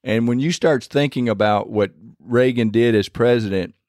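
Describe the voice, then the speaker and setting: A man's voice: medium pitch, moderate pace, a little mellow, dry recording, clean studio sound. A man preaching a sermon in a conversational, earnest way, retelling scripture in his own words.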